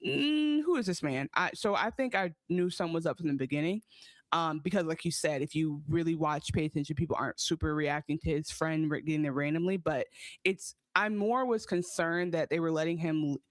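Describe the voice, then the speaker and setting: A woman's voice: low-pitched, fairly quick, dry recording. A woman co-hosting a podcast, chatting casually about a TV episode, rambling and acting out the characters' lines. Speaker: podcast co-host. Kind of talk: casual TV recap chat.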